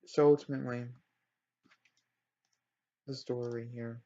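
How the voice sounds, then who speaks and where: A man's voice: mid-range voice, little pitch movement, unhurried, warm tone. Rambling man narrating a life-sim game. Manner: rambling, self-correcting, apologetic. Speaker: let's play storyteller. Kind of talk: casual game commentary. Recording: dull lo-fi recording.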